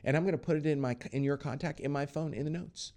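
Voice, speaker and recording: Animated middle-aged man hosting an interview. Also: fairly high pitch, fast. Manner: animated, acts out quoted voices. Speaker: podcast host. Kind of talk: casual interview chat.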